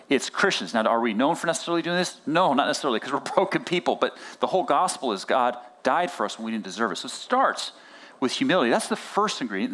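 A man preaching a sermon as pastor, conversational and animated, often acting out quoted dialogue. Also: mid-range voice.

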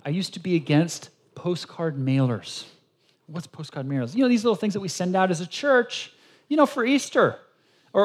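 A male pastor preaching a sermon, telling stories with animated quoted dialogue. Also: a little high.

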